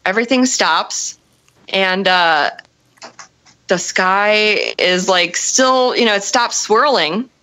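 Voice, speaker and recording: A woman telling a story in casual chat, animated and profane, acting out the people in it. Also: medium pitch, slow pace, low-quality recording. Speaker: storyteller on a podcast.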